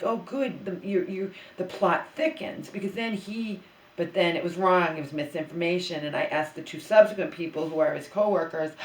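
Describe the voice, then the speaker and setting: A woman's voice: mid-range voice, echoey room, rough recording. A woman vlogging from her bedroom floor, ranting in casual, rambling talk and repeatedly checking in with "okay?". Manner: ranting, frequent "okay?" asides.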